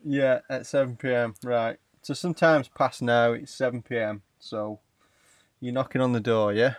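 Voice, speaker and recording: A man's voice: medium pitch, steady tone, moderate pace, no room sound, clean studio sound. A man, co-hosting a podcast and setting up an improvised scenario in a chatty way. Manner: chatty, second-person scene-setting. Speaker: podcast co-host.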